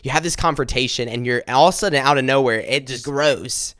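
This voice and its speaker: A man earnestly telling a personal faith testimony, halting and restarting as he speaks directly to his listeners. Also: mid-range voice, fairly bright tone, no echo, studio quality.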